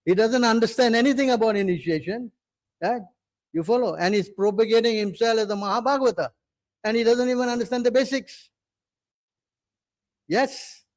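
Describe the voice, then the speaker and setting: Insistent high-voiced male preacher. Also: moderate pace, pauses often, no room sound. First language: English. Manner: insistent, repeatedly demanding attention; rhetorical questions to listeners. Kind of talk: scripture class lecture.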